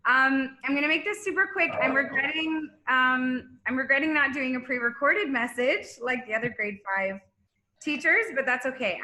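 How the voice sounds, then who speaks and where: A woman teacher gives a heartfelt farewell to her class over a video call. Her voice is bright and a little high, and she chokes up and laughs through tears as she talks. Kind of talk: emotional farewell speech.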